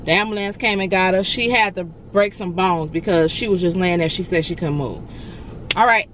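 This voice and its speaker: A woman's voice: fairly low pitch, normal speed, a bit bright, slight background noise. A woman in her forties telling viewers how her house burned down, near tears and repeating herself, calling them y'all. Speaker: vlogger. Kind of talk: emotional storytelling vlog.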